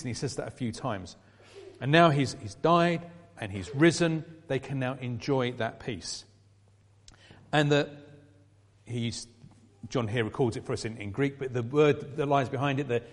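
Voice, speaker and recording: Man, middle-aged, sermon, slightly high voice, chatty asides, long church reverb. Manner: conversational, asides to the congregation. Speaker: preacher.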